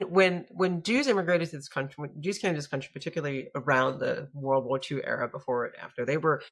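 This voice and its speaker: Woman rabbi in a chat interview, thoughtful, lots of restarts, gets animated telling stories. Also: low voice, fast talker, creaky. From United States. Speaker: guest, rabbi. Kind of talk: conversational interview.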